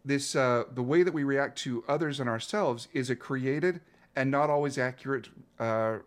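Earnest man in his fifties, coach being interviewed, reflective delivery, mid pitch. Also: normal speed. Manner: earnest, reflective, with frequent restarts. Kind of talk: interview guest telling a story.

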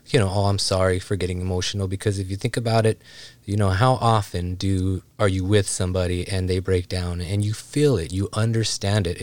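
Deep-voiced guy talking straight into a dry close mic, podcast host, heartfelt and rambly, lots of "you know". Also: no echo. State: emotional, voice strained. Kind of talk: casual solo podcast talk.

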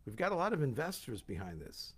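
A man giving a sermon, telling a biblical story with lively asides and putting on voices for its characters. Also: mid-range voice, brisk, breathy edge. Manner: animated, acts out voices in the story.

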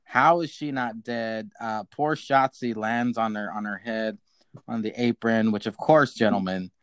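A man's voice: fairly low pitch, steady tone, unhurried, clear, resonant tone, no room sound. Casual man recapping wrestling matches. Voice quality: casual, swears, laughs with co-hosts. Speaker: podcast host.

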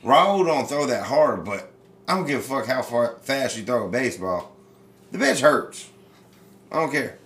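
A man hosting a casual chat, telling baseball stories with lots of swearing and animated energy. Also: mid-range voice, moderate pace, roomy sound. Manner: profane, animated storyteller. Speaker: podcast host.

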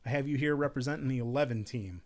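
A man hosts a relaxed reunion chat, laughing easily and stacking several questions at once. His voice sits at an ordinary middle pitch. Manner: laughs often, asks rapid strings of questions. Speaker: podcast host.

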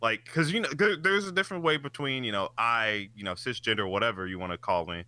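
A man co-hosting a casual podcast chat, animated and swearing freely, his voice jumping up when he gets excited. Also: mid-range voice, fast, no room sound. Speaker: podcast co-host.

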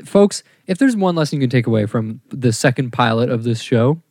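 A man co-hosting a casual podcast in a mid-pitched voice. He sounds deadpan as he reads from a list and sets up jokes. The recording is dry and close. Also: fairly quick, no room sound. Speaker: podcast co-host. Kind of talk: casual chat.

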